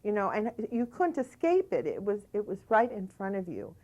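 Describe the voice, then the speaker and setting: A middle-aged American woman hosts a community TV talk show, chatting emphatically with her guest in the studio and dropping plenty of "you know"s. Her medium-pitched voice is very animated and mellow at a moderate pace, with the highs cut off.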